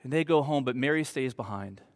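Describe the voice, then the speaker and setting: A man preaching a sermon as pastor, in an earnest, slow style with emphatic pauses. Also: mid-range voice. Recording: long hall reverb.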